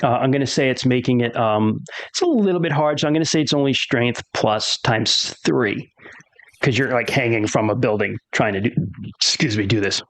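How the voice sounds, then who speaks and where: A man's voice: mid-range voice, normal speed. Laid-back male game master. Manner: casual, loose, full of "like" fillers. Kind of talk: narrating a tabletop game.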